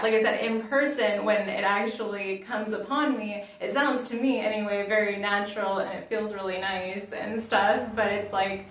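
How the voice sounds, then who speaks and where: A woman's voice: mid-range voice, a bit bright, slight background noise. A young woman from Florida chatting casually on her vlog, rambling, swearing offhandedly and laughing often. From Florida, United States. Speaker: vlogger. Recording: echoey room, mic at a distance.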